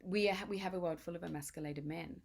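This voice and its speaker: A woman's voice: on the low side, fast, vocal fry, a little mellow. A woman in her late forties hosting a casual conversation, frank and emphatic, swearing freely. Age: 40s. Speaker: podcast host.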